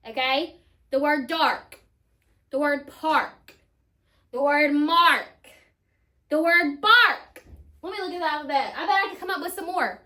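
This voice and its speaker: A woman teacher, slowly sounding out spelling words for children. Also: sits high, bright, forceful tone. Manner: slow, deliberate sounding-out of words.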